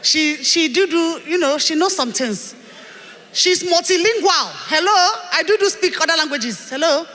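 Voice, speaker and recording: A woman's voice: extremely high pitch, lively intonation, moderate pace, pushed and bright, pitched above the performer's own voice, exaggerated voice. A woman with a Nigerian accent putting on a proud, sassy comic market-woman persona who speaks in playful broken English. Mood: boastful. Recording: reverberant event hall.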